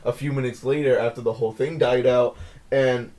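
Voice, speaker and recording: A young man co-hosting a podcast, telling an animated story, acting out quotes and laughing often. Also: mid-range voice, a little fast. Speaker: podcast co-host. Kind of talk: casual chat, storytelling. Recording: podcast mic, shared room.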